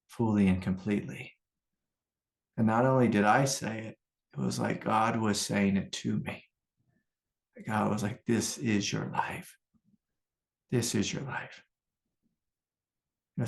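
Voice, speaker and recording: A man's voice: fairly low pitch, vocal fry. A middle-aged American man, a meditation teacher, giving an informal, rambling spiritual talk full of anecdotes and fillers. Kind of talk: casual spoken satsang talk.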